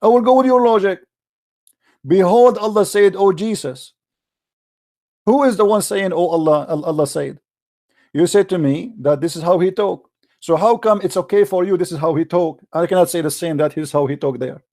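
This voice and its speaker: A man's voice: fairly high pitch, fairly quick, darkish tone. A man hosting a heated religious debate in non-native English, combative and mocking, often repeating himself. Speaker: debate show host.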